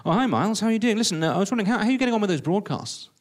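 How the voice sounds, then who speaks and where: A keen, chummy radio producer gushes with eager helpfulness, pitched well above a normal speaking voice and pushed loud. A man puts him on as he tells a story. The delivery is bright, fast and overfriendly. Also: sing-song.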